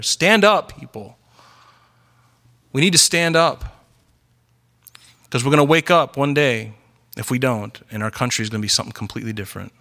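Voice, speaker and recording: A man's voice: medium pitch, a bit bright. A middle-aged man preaching a sermon as pastor, emphatic and full of rhetorical questions.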